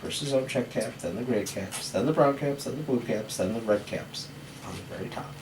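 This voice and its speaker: A woman reading a picture book aloud to a child, animated, with asides in between. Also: extremely low pitch, a little fast. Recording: echoey room, far from mic, background noise.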